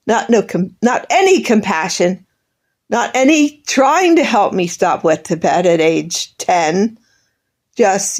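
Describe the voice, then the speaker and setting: A woman's voice: mid-range voice, lively intonation, a little slow, a little mellow. A middle-aged woman in an emotional monologue, bitter and accusing, rambling, her voice breaking into tears.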